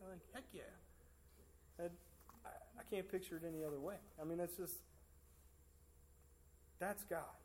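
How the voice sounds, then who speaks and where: A man's voice: fairly high pitch, fairly even intonation, moderate pace, pauses often, a little mellow, a little hiss or hum. A man giving a sermon in a church service, in a casual, conversational way full of fillers and restarts. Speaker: preacher.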